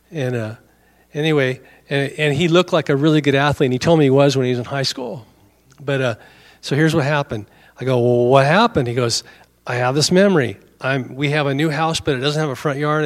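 Man preaching a story-driven sermon. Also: mid-range voice. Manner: acts out both sides of quoted dialogue. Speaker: pastor.

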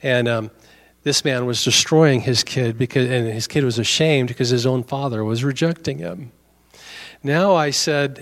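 A middle-aged male pastor giving a conversational sermon, telling a story and acting out both sides of the dialogue. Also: mid-range voice.

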